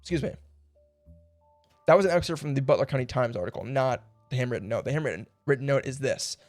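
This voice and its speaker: A man's voice: medium pitch, expressive, fast talker, darkish tone, no room sound, soft background music. A young man streaming a puzzle game, thinking aloud in a rambling way and laughing now and then. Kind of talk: casual puzzle game livestream.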